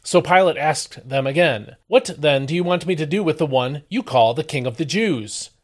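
A man hosting a daily devotional, reading a Bible passage aloud and then explaining it, with expressive emphasis on the quoted lines. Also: on the high side, moderate pace. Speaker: devotional host. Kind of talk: scripture reading and devotional commentary.

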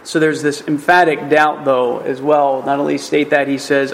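A man's voice: on the high side, steady tone, normal speed, rough recording. A man teaching through a Bible passage in a video, emphatic and conversational, often checking in with "right?".

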